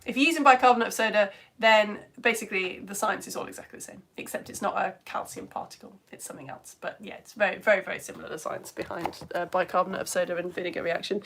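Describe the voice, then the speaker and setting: A woman's voice: mid-range voice, fast talker, creaky, hardly any pauses, fairly bright tone, slight background noise. A British woman presenting a live science lesson for children, gushing and exclamatory as she reads out viewers' comments. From United Kingdom. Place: home studio.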